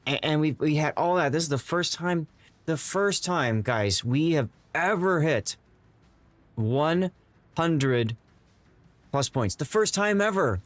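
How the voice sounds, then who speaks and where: A man's voice: fairly high pitch, expressive, slow pace, long pauses, no room sound. A man streaming live to his viewers, emotional and stammering, repeating himself as he thanks them. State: tearing up. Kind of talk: excited live-stream chat.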